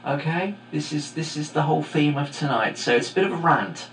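A man's voice: fairly high pitch, lively intonation, fairly quick, a bit bright. A middle-aged man hosting a podcast, talking in a casual, digressive way with many fillers. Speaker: podcast host and teacher. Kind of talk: rambling podcast monologue. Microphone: home microphone. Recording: echoey room, faint hum.

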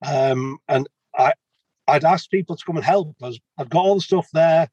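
Husky, chatty man in his fifties. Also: fairly high pitch, normal speed, dark tone, dry recording, muffled recording. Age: 50s. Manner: chatty, rambling anecdotes with laughs. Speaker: plumber, interview guest. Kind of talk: casual storytelling.

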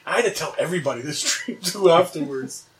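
Animated young man telling a wild story. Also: fairly high pitch, fast, distant mic. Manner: animated, swearing storyteller who laughs while telling. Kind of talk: casual chat.

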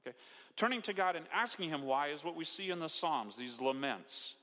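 A man's voice: on the high side, lively intonation, brisk, bright, forceful tone. Conversational male pastor in a reverberant hall. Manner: conversational, uses rhetorical questions and acted-out quotes. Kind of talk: sermon.

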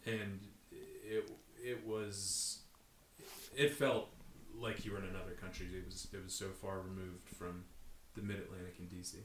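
A man with a bright, forceful voice in casual chat, talking in eager bursts and laughing often. He sounds a little low-pitched, and the room around him is echoey with a faint hiss. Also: steady tone, normal speed. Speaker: conversation partner.

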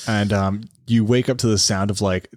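A man's voice: on the low side, fairly even intonation, moderate pace, a little mellow, no echo. A man running a tabletop game for friends, rambling and crude, often laughing, with hiccups. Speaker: game master. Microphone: headphones and mic, remote call.

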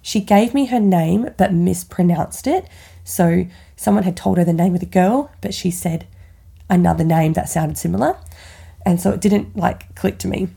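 A woman's voice: on the low side, moderate pace, creaky, dark tone, husky. A woman podcast host candidly telling a personal story in casual chat, swearing freely and filling with "like". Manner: candid, swears freely, chatty with many likes.

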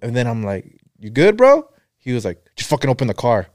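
A man casually telling a story among friends, profane and animated, acting out the quotes. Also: medium pitch, fast talker, dry recording, studio quality.

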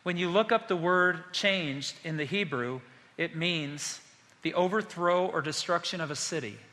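A man's voice: on the high side, a little slow, sharp tone, long reverb tail. A man preaching a sermon as pastor, speaking passionately and addressing the congregation directly.

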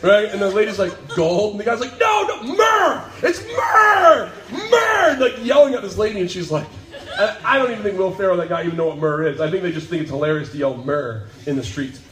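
A man preaching a sermon to a congregation, telling the story with jokes and acted-out voices before turning low and solemn. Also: quick pace, echoey room, crowd noise, rough recording. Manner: animated, joking storytelling that drops to a low, solemn tone. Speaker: pastor. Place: church sanctuary.

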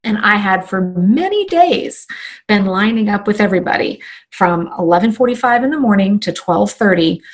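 Woman, animated storyteller, middle pitch, voices her inner thoughts as she goes. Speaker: live online trainer. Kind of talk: personal storytelling.

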